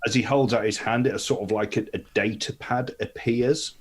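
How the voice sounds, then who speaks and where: A man's voice: mid-range voice, steady tone, moderate pace, husky. A man playing a tabletop game, describing his character's actions and searching for words. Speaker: player.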